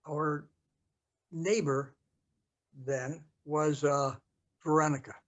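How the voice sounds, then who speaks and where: An older American man telling a story from his past in an interview, halting with many fillers and restarts. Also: on the high side, level tone, fairly bright tone. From United States. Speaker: interview guest. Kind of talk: storytelling recollection.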